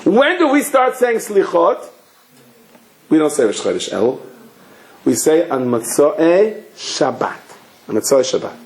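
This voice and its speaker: Animated man preaching a sermon. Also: a little high, measured pace, long pauses. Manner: animated, rhetorical questions, acts out stories. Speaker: rabbi. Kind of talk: sermon with storytelling. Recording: echoey room.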